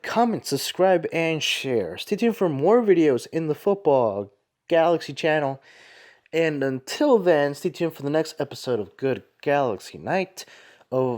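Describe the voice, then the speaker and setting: A man hosts a casual soccer review show and talks at a middle pitch. He rambles in a chatty way and often restarts and corrects himself. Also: a little mellow. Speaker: host.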